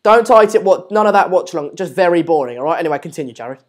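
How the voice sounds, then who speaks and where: Male stream host, rambling and repetitive, slightly high voice. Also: lively intonation, very fast. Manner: rambling, repeats words and phrases. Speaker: host of a live football watchalong stream. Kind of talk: casual live chat reading viewer comments.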